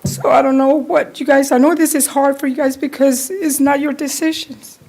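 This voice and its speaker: A woman's voice: sits high, steady tone, vocal fry, a little mellow. Emotional woman. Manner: emotional, heartfelt, halting. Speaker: public commenter. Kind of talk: public comment at a council meeting. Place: council chamber.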